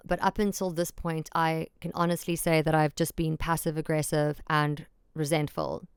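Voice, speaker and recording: Frank, low-voiced woman podcaster. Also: steady tone, normal speed, sharp tone, clear, resonant tone, no room sound, studio quality. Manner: frank and self-deprecating, swears freely; emphatic, repeats herself. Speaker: podcast host. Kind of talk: candid solo podcast monologue.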